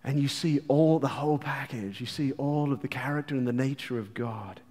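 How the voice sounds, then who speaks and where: An Englishman preaches a passionate sermon, shifting between hushed lines and loud outbursts and tossing playful asides to the congregation. His voice is mid-range and fairly quick, with a long reverb tail.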